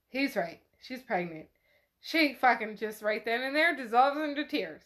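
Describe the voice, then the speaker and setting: Woman, podcast host, casual book recap, fairly high voice, chatty, swears, says "like" a lot. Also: animated, normal speed, a bit bright. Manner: profane, chatty retelling full of "like".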